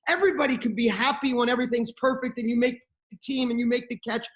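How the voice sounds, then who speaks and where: A man's voice: extremely high pitch, fast talker, a bit bright. A middle-aged man talking as a podcast guest, giving blunt motivational advice and swearing freely.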